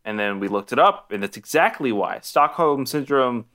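A man's voice: on the low side, very animated, fairly quick, bright, forceful tone. A man co-hosting a podcast, talking casually about a movie in a rambling way with many fillers and restarts. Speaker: podcast co-host. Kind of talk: casual film discussion.

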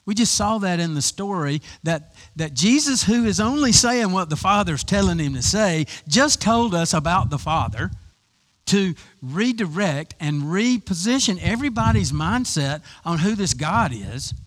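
A man's voice: sits high, lively intonation, unhurried. A man preaching a conversational sermon, with frequent restarts and rhetorical questions. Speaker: pastor.

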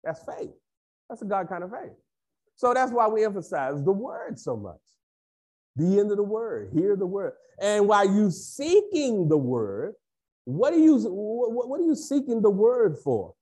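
Male pastor, high voice, animated swings; AAVE; emphatic, repetitive sermon delivery. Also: a little slow.

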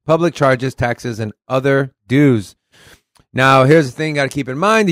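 A man's voice: medium pitch, dry recording, clean studio sound. A man from Texas with a Southern accent, co-hosting a casual crypto podcast, reading articles aloud and swearing casually. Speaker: podcast co-host.

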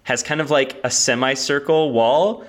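A man co-hosting a casual comedy podcast, rambling through goofy bits with plenty of ums and likes. His voice sits at an ordinary middle pitch. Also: moderate pace. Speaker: podcast co-host.

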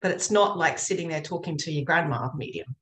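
A woman's voice: low voice, a little fast, crowd noise. A woman talking earnestly about her work as an energy healer, a chatty and rambling storyteller. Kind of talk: casual interview chat. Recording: roomy echo.

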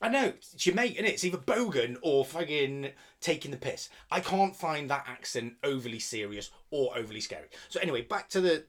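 A man's voice: on the high side, lively intonation, fairly quick, few pauses. A man co-hosting a casual film-review podcast, sweary and jokey, often laughing. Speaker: podcast co-host.

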